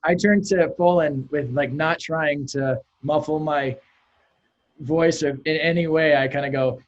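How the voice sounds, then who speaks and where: A man's voice: a little high, fairly even intonation, a little slow, dull audio. A man playing a tabletop game in a playful way. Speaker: player.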